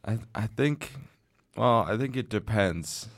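A man's voice: lowish voice, lively intonation, takes it slowly, no echo. Young man, podcast co-host, casual chat, laughs a lot, dry close sound. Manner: laughs often, chatty.

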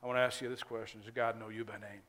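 A male pastor, preaching a sermon earnestly and emphatically, now and then dropping to quiet asides. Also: lowish voice, flat delivery, racing.

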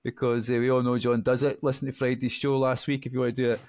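A man's voice: medium pitch, little pitch movement, fast, a little mellow, dry recording. Easygoing man on a dry mic. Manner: easygoing, joking. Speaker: podcast co-host. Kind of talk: casual chat.

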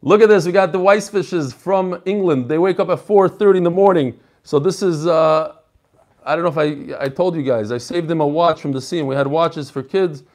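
A man with a fairly high voice leads a relaxed class. He chats and jokes, reads out messages from listeners, then moves on to the text. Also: normal speed. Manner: chatty, joking, reads messages aloud. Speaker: rabbi teaching a Talmud class. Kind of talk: casual lesson with reading of emails.

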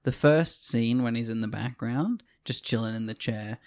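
A man's voice: medium pitch, normal speed, darkish tone. Man, podcast co-host, casual chat, enthusiastic, laughs a lot.

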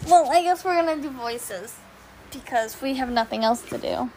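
A woman's voice: high-pitched, normal speed, a little mellow, slight background noise. A teenage girl chatting casually at home with a friend, a little shy and mumbly. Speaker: vlogger. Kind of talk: casual chat.

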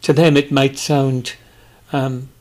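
A man with a Welsh Valleys accent, chatting as a guest and telling stories in an animated way. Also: mid-range voice, slow. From Wales. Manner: animated storyteller, hesitant restarts, does voices. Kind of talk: casual chat.

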